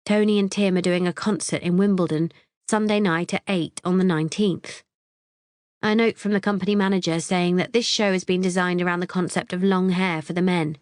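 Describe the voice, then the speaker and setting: A woman's voice: lowish voice, steady tone, a little fast, dry recording, clean studio sound. A woman narrating a psychological thriller audiobook in the first person, wry and tense.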